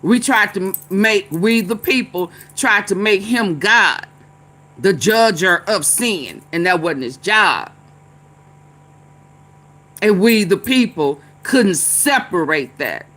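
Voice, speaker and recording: A woman's voice: mid-range voice, animated, slow pace, a bit bright. A woman vlogger giving casual, chatty political commentary, laughing often and chanting refrains.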